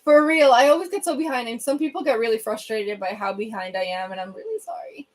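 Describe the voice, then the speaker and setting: A woman's voice: on the high side, lively intonation, fast. A young woman chatting casually with viewers on a livestream, rambling and humming between thoughts, recorded on a laptop's built-in mic at home. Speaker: livestreamer answering viewer comments. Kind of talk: casual chat. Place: home room with a bookshelf. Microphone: laptop built-in webcam mic.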